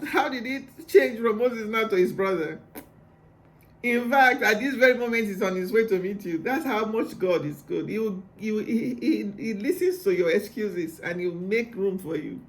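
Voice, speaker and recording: Excitable high-voiced male preacher. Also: normal speed. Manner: laughs often, excitable and animated. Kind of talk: devotional Bible reading with commentary.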